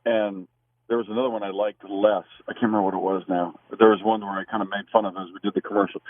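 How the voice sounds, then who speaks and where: A man's voice: fairly low pitch, fairly even intonation, fast talker, no echo. A man calling in as a radio show guest, chatting casually with wry, dry humor over a phone line. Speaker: guest, sports broadcaster.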